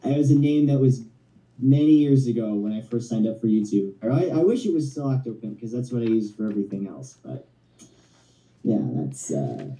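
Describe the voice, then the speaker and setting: Guy calling in, rambly and halting, really dark mellow voice, sounds far off on the phone. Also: mid-range voice, animated. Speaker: phone-in guest. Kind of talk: casual chat. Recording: echoey phone call from far off.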